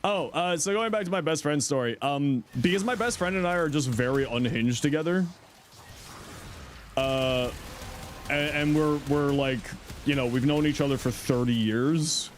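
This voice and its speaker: A man's voice: a little high, moderate pace, a little hiss or hum. A middle-aged man chatting casually on his livestream, answering chat in a playful, teasing way and laughing often.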